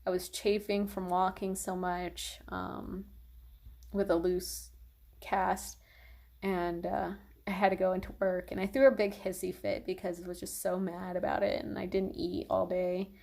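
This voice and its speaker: A woman's voice: on the low side, flat delivery, a little slow, creaky, darkish tone. A young woman vlogger telling a long personal story in a casual, rambling way, full of fillers and "like".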